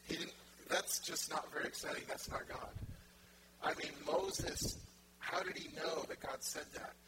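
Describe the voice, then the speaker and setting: A man preaching in a loose, conversational way, slipping into quoted voices to act out his points. His voice sits a little high. A strong wash of noise runs under the recording. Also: steady tone, moderate pace. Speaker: pastor. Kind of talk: sermon. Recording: loud background noise.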